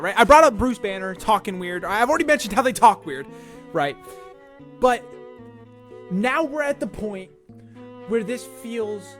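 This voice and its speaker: An online commentator in a casual video, excitable and stammering, firing off rhetorical questions. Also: mid-range voice.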